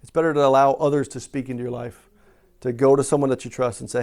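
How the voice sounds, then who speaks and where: A man's voice: medium pitch, level tone, quick pace, a little mellow. A middle-aged man preaching a sermon in a conversational way, asking questions and often checking in with "right?". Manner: conversational, asks questions and tags lines with "right?". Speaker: pastor.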